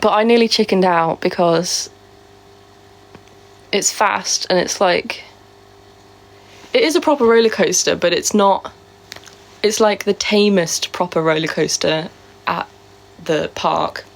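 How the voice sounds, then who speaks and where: A woman's voice: lowish voice, a little slow, creaky, long pauses. A woman live streaming in casual, rambling chat, answering viewer comments, with a sore throat. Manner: chatty and rambling, with many fillers.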